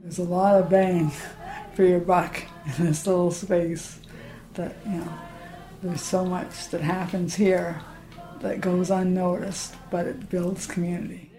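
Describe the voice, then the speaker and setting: Woman, choir member, casual interview talk, fillers, soft warm tone. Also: fairly low pitch, flat delivery, faint music behind, poor audio. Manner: halting, many fillers, laughs often.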